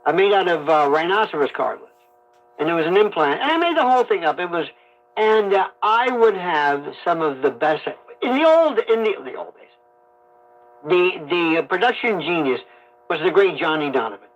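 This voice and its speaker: A man hosting a call-in radio talk show, fast and jokey, telling rambling stories over an AM broadcast. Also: high voice, expressive. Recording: AM radio broadcast, slightly muffled.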